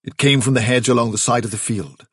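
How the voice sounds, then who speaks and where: A man narrating a story in a measured, hushed way. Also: mid-range voice, steady tone, breathy edge, no room sound, studio quality. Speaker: audiobook narrator. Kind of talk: scripted narration.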